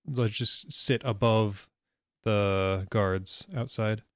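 Low smooth-voiced male player. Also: steady tone, no room sound, clean studio sound. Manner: measured, describing actions. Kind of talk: tabletop game play.

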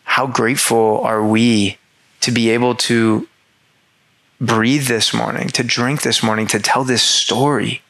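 A man's voice: mid-range voice, fairly even intonation, unhurried, fairly bright tone, low-quality recording. A man speaking directly to listeners in an earnest motivational monologue, heartfelt and emphatic, repeating words for emphasis and swearing casually.

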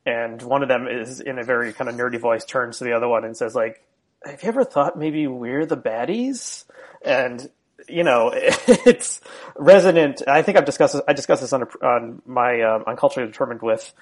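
A man hosting a podcast, talking in a relaxed, rambling way with fillers. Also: mid-range voice, brisk. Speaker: podcast host. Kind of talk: casual conversation.

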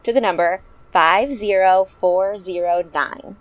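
Brief: woman podcast host, mid pitch, joking, urgent, close dry sound. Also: measured pace, dry recording. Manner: animated, joking, urging listeners to act. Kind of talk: casual chat.

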